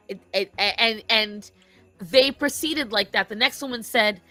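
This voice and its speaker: Bright-voiced woman ranting to her chat. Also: mid-range voice, normal speed, faint music behind. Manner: animated, opinionated storytelling. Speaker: streamer host. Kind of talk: casual chat to a live chat.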